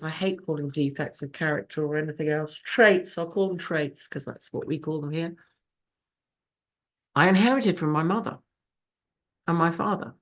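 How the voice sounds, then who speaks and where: A middle-aged woman with a lowish voice tells her recovery story at a fellowship meeting. She is candid and emotional and swears freely. She speaks over a video call. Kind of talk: personal recovery share.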